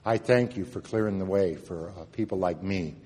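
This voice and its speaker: A man sharing a personal recovery story at a meeting, earnest, moving between loud and hushed moments. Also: low-pitched, moderate pace, slightly rough. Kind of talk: personal testimony talk. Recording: long reverb of a hall.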